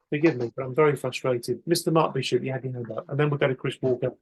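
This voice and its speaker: A man's voice: medium pitch, fast talker, few pauses, slightly rough. A man chairing a campaign meeting, talking emphatically and acting out indignant outbursts. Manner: animated, emphatic, acts out indignant rants. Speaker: meeting host.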